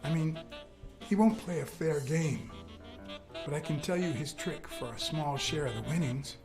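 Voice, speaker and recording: A man's voice: a little high, moderate pace, music in the background, natural voice. A man playing a dry, weary cat detective. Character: world-weary male cat private detective. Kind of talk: hard-boiled game dialogue and inner thoughts.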